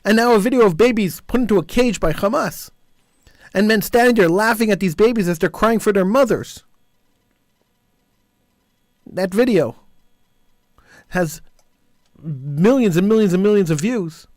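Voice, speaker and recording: A man's voice: high-pitched, normal speed, pauses often, darkish tone, no echo, clean studio sound. A man hosting a call-in talk radio show, delivering an impassioned, indignant monologue and repeating phrases for emphasis.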